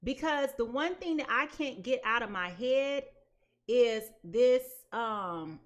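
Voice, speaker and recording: A woman's voice: fairly high pitch, animated, takes it slowly. A woman giving a live tarot reading in a chatty manner, repeating her phrases and laughing often. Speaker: tarot reader.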